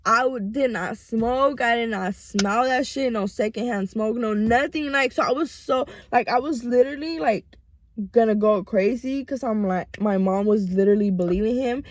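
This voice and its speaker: A young woman vlogger casually telling a story from her past, swearing a lot and rambling in an animated way. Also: on the high side, moderate pace. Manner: profane, rambling, animated retelling. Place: home.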